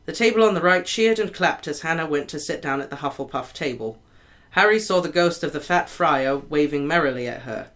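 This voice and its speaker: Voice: medium pitch, lively intonation, fairly quick, fairly bright tone. Casual chapter reader who stumbles and self-corrects. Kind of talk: reading a novel chapter aloud.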